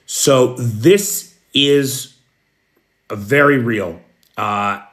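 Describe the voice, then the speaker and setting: American guy doing a late night live news stream, slow easygoing delivery, calls out viewers by name. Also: medium pitch, fairly bright tone. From United States. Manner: unhurried, greets viewers by name. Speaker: news host. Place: apartment in a city at night.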